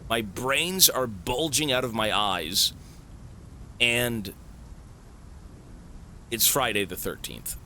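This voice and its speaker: A man streaming live, thanking viewers for gifts in an excitable, swearing, disbelieving way. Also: medium pitch, slow, pauses often, a little hiss or hum. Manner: excitable, swears a lot, stunned outbursts.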